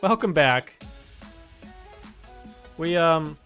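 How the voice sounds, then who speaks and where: A man's voice: on the high side, animated, very slow, fairly bright tone, soft background music. A man chatting casually on a live stream, loose and jokey, talking to his chat. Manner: loose, fillers and restarts, jokey, talks to chat.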